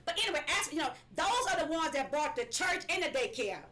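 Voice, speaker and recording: A woman's voice: high-pitched, lively intonation, quick pace, pushed and bright. A woman preaching a live-streamed sermon, emphatic and repetitive, sometimes breaking into laughing cries.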